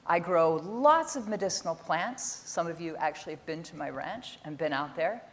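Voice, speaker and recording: A middle-aged keynote speaker on a conference stage recounts stories with animated exasperation, speaking at a moderate pace. When making a point, she frequently gets higher and louder.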